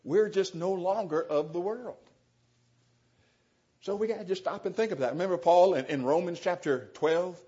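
A man's voice: sits high, normal speed, dark tone. Man teaching scripture on a dull, lo-fi recording. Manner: conversational, explaining with rhetorical questions. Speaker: Bible teacher. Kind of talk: verse-by-verse Bible teaching.

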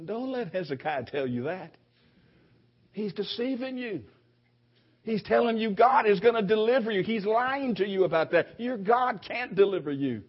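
A mocking male envoy full of threats, played by a man retelling scripture. He taunts in a rather high, husky voice, captured on a muffled lo-fi recording. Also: animated, moderate pace. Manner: mocking, intimidating. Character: boastful male enemy envoy taunting a besieged city. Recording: dull lo-fi recording.

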